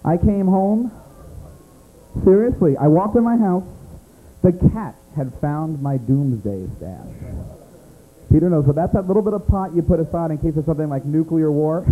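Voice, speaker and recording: A man's voice: fairly high pitch, lively intonation, moderate pace, narrow, tinny audio. An American man doing stand-up comedy in a small club, teasing audience members by name in a brash way. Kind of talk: stand-up comedy set with crowd work.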